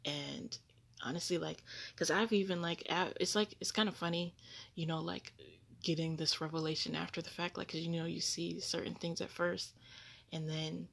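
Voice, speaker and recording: A woman's voice: on the low side, fairly even intonation, moderate pace, creaky, fairly bright tone. A woman hosting a casual religious podcast, rambling with many fillers and a disbelieving tone. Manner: grows incredulous and laughing, repeating "what?". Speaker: podcast host.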